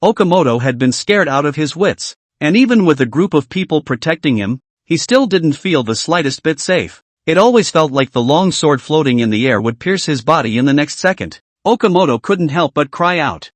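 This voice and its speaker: A man giving scripted narration of a comic recap in a steady dramatic storytelling manner. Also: fairly high pitch, normal speed, no echo.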